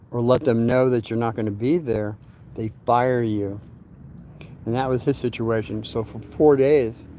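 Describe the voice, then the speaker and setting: A man's voice: mid-range voice, dark tone. An older man casually telling a personal story, rambling and often repeating words as he searches for them.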